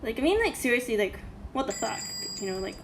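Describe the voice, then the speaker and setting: Reaction host, female, high voice; indignant, profane, filler-heavy rant with faint background noise. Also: big pitch swings, fast. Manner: indignant, swears a lot, many fillers. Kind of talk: casual reaction commentary.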